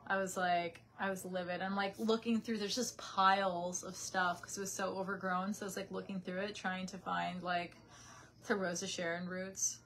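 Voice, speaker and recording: A woman's voice: fairly low pitch, flat delivery, normal speed, a bit bright, slight background noise. A young woman chatting casually on a live stream from her parents' house, reading out viewer comments on a webcam mic.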